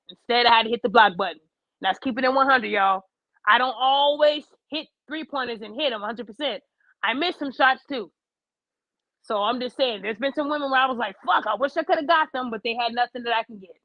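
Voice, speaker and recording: A woman's voice: high-pitched, no room sound. Blunt, profane woman ranting live. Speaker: host of a live online show. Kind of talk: livestream rant to chat. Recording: dull lo-fi sound.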